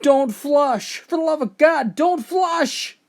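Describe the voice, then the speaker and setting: A man's voice: medium pitch, wildly swooping pitch, extremely slow, heavily acted. A man doing an astonished blind traveler. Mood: panicked. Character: blind man visiting a big state, easily astonished.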